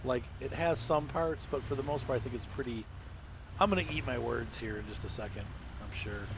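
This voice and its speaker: A man hosting a casual gameplay session with a friend, jokey and quick to laugh, sometimes breaking into a line of song. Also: medium pitch, background noise. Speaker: gaming channel host.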